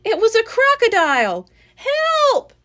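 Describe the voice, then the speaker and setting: A woman reading aloud and voicing an excitable young girl on a jungle adventure, high and eager. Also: full character voice. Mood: shouting. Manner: high, eager, quick to cry out.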